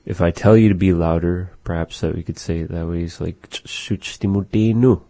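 A very low, mellow male voice, recorded close and dry. He teaches words of his language in a casual lesson, saying phrases slowly and musing aloud with "uh" and "you know". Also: steady tone, no room sound. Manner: repeats phrases slowly, thinks aloud with fillers.

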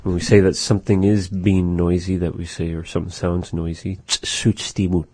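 A man teaching words of his language in a casual lesson, saying them slowly and repeating them. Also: sits low, little pitch movement, mellow, slightly rough.

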